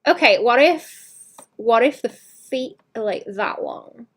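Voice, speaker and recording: A woman streaming herself drawing, chatting casually in a rambling way that trails off and drops to a quiet murmur. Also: a little high, expressive, takes it slowly, breathy edge. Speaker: art streamer. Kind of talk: casual live-stream chat while drawing.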